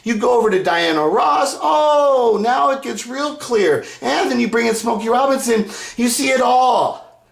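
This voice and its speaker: A man's voice: expressive, a little slow, creaky. Profane ranting man in echoey room. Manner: profane, combative, swinging between loud outbursts and low muttering. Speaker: YouTuber. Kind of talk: angry video rant to fans.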